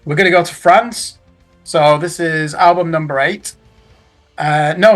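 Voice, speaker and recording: A man's voice: fairly high pitch, moderate pace, a bit bright, soft background music. A middle-aged man giving a casual roundup of new albums in a chatty way, with tag questions and self-corrections. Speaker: music reviewer.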